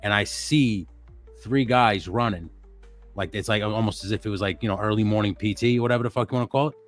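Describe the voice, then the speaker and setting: A man's voice: on the low side, fast, faint music behind. A young man telling a ghost story in a casual, profane, rambling way, restarting his sentences. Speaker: livestream co-host.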